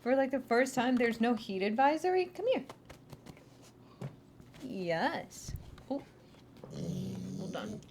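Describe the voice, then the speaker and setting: A woman's voice: fairly high pitch, lively intonation, unhurried, pauses often, background noise. A young woman streaming and chatting casually, rambling with many restarts and little giggles. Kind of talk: casual chat.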